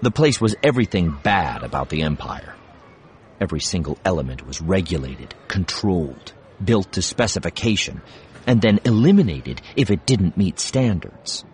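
A man narrating a science fiction audiobook in a measured, expressive reading. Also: deep voice, slight background noise. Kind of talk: scripted narration.

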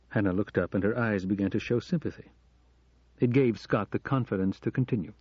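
Male narrator, calm and measured; deep-ish, warm, dry booth sound, slightly dull audio. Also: husky, no room sound. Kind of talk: scripted narration.

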